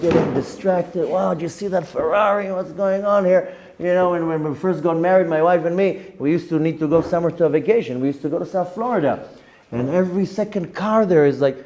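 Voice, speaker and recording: Animated rabbi telling stories. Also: male voice, on the high side. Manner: animated storytelling with personal anecdotes and Hebrew phrases. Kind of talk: Torah lesson.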